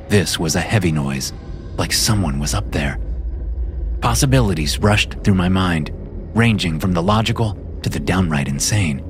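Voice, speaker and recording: A man with a low-pitched voice narrates a horror story in the first person. He tells it at a measured, steady pace. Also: slight background noise.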